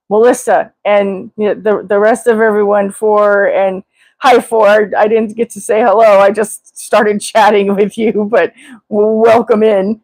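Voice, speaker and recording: An older woman hosting a casual live chat, talking in an excitable, rambling way with many restarts. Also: mid-range voice, no echo, rough recording. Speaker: livestream host.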